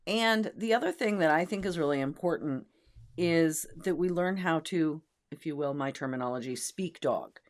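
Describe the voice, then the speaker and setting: Emphatic woman co-host, fairly low voice. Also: normal speed. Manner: emphatic, demonstrative, acts out tones of voice. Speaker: co-host, dog trainer. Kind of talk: casual podcast chat.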